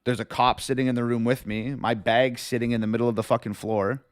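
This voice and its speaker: A man's voice: mid-range voice, little pitch movement, a little fast, no room sound. Profane man telling a story, dry sound. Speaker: livestream host. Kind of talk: casual storytelling.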